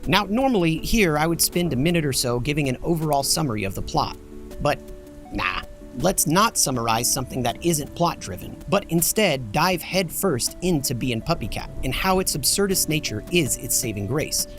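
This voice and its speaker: Male video essay host, wry and joking, animated delivery, soft music under him. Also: a little high, moderate pace. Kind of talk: scripted video essay narration. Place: home basement in front of green screen.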